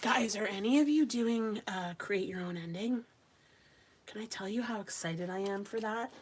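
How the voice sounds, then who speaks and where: A chatty woman hosts a live crafting stream, talking straight to her viewers and answering their comments as she works. Her voice sits at an ordinary middle pitch, with faint clicks from her tools in the background. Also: normal speed, slight background noise. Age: adult with young children. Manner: chatty, reads viewer comments aloud, talks to viewers directly. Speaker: craft livestream host. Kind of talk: casual chat while crafting live.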